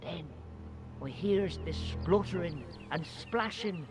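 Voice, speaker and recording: An actor playing a cheeky, boastful young Irish boy in a game, with a high, boyish, chirpy way of telling tales. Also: slow pace. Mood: spooky tale. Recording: game audio with music behind.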